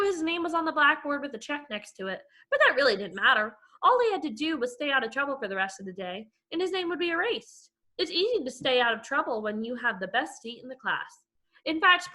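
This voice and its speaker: A woman teacher reading a chapter book aloud to her class, with expressive storytelling. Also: high voice.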